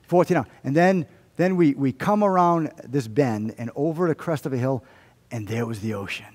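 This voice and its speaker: A man's voice: mid-range voice, normal speed, in a large hall. A man preaching a sermon as pastor, telling stories with humor and acting out the lines of people in them. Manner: animated storytelling with humor and acted-out quotes. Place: church sanctuary.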